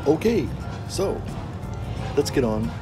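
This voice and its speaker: An older man talks in an unhurried drawl, pausing often to hum appreciatively as he chats with viewers. He sits out on a veranda while music plays clearly behind him. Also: a little high, big pitch swings. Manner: leisurely, savoring, humming "mm" between phrases. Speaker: pipe-smoking vlogger. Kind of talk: relaxed casual chat to viewers. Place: outdoors on a veranda deck.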